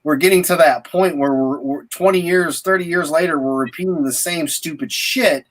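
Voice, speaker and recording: A man's voice: fairly high pitch, normal speed. A man co-hosting a casual stream chat, blunt and ranting, with heavy profanity.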